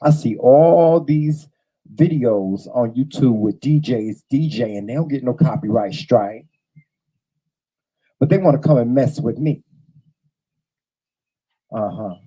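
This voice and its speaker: A man in his fifties drawls through a relaxed livestream chat, unhurried and easygoing. His voice is very dark and mellow, with a husky edge. He greets his viewers one by one in a casual, talkative way. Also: medium pitch, low-quality recording. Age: 50s. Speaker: livestream host. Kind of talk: casual chat to a live audience. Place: at home.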